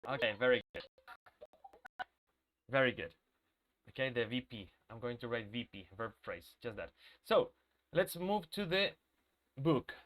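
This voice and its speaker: A man's voice: medium pitch, animated, measured pace, long pauses, a bit bright. A male English teacher with a sore throat, leading a live online class and patiently checking in with students. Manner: patient, checks in with students, repeats key points.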